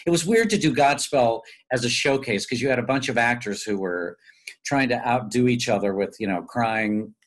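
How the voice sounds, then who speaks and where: Man, guest actor, animated storyteller, self-mocking, casual interview. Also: medium pitch, normal speed.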